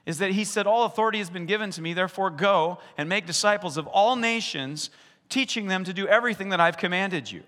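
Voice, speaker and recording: A man preaching a sermon as pastor, animated, acting out the voices in the stories he retells. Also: sits high, normal speed. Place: church sanctuary. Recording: long reverb of a large hall.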